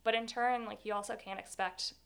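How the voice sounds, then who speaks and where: A woman's voice: a little high, steady tone, brisk, gravelly, a bit bright. A young woman telling a personal story in an interview, candid and rambling, full of fillers.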